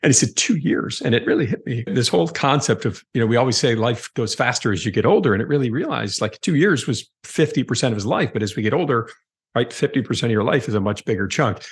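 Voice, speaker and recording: A man hosting a podcast, chatting casually and enthusiastically, telling a quick anecdote before asking questions. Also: mid-range voice, expressive, breathy edge. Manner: enthusiastic, fast anecdotal storytelling. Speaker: podcast host. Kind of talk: casual interview chat.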